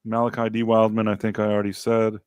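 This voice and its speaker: A man hosting a casual podcast livestream, relaxed as he reads out and thanks viewers from the chat. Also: on the low side, quick pace, smooth, no room sound, clean studio sound. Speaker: podcast host.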